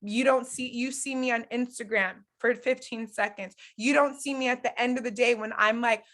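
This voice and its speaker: A woman's voice: on the high side, steady tone, moderate pace, fairly bright tone. A woman in her thirties coaching an online group in a casual, candid way, talking straight to her audience with many fillers. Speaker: online coach hosting a challenge. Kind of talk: casual live-stream teaching.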